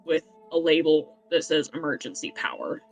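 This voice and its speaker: A man's voice: on the high side, animated, normal speed, soft background music, low-quality recording. A man from Atlanta narrating a tabletop game as game master, in a loose, casual way with plenty of filler words.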